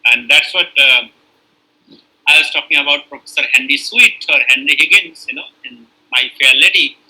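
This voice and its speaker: A man's voice: mid-range voice, moderate pace, sharp tone, rough recording. A middle-aged man giving an online lecture, explaining step by step with many fillers and restarts.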